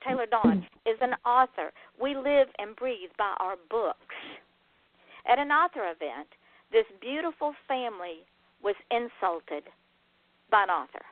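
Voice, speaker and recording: A woman hosting a talk show, her voice sitting a little high and carrying an earnest, emphatic weight as she addresses the audience head-on. The sound is thin and phone-like, with no room around it. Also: no room sound. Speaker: radio show host. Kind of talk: on-air monologue. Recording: dry phone-like line.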